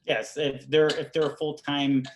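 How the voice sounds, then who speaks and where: A man's voice: a little high, flat delivery, a little slow, a little hiss or hum. A man who develops games, talking as a guest in a casual podcast chat and laughing easily. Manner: laughs easily, loose and conversational.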